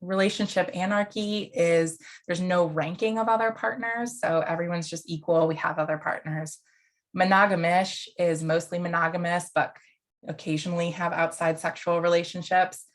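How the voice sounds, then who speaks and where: Lady teaching a class over video call, kinda low voice, chatty, lots of um's. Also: steady tone, normal speed. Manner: casual, conversational, with fillers and asides. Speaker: counselor educator. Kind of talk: online lecture.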